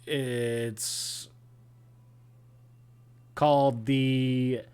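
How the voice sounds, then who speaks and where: A man's voice: mid-range voice, little pitch movement, very slow, darkish tone, clean tone. A man running a tabletop game as game master, narrating casually and thinking aloud with fillers.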